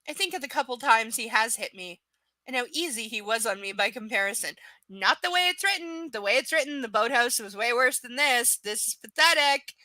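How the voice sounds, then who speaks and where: A woman reads a novel aloud live in a slightly high, bright, forceful voice, animated and fairly quick, with no echo. She keeps breaking off into sarcastic, profane, exasperated rants about the book.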